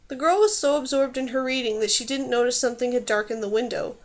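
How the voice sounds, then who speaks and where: A woman reading a fantasy novel aloud in steady, clear scripted narration. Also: high voice, fast, few pauses. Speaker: audiobook reader.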